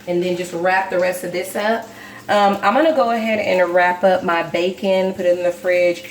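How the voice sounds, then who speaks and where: A young woman chats her way through a cooking vlog, a little low in pitch. She stands off from the mic in an echoey kitchen. A pan sizzles clearly behind her. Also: fairly even intonation, moderate pace, distant mic, a little hiss or hum. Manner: chatty, narrates while cooking, addresses viewers as y'all. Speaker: cooking vlogger. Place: home kitchen.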